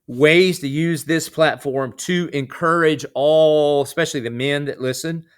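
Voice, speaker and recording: A man who is a pastor, guesting on a podcast in casual interview chat, relaxed and brotherly, and he slips into preaching now and then. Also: fairly high pitch, clean tone.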